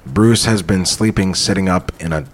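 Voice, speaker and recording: Deep-voiced man reading a script aloud. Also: moderate pace. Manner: deadpan, profane asides. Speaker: podcast host. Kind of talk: script read-through with banter.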